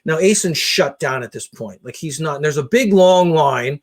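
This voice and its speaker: A man spinning a comic rant in a slightly high voice. He sounds exasperated and swears freely, with lively, animated delivery. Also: a little fast, few pauses. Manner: animated, profane, exasperated ranting with voiced impressions. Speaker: podcast co-host. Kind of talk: comedic storytelling rant.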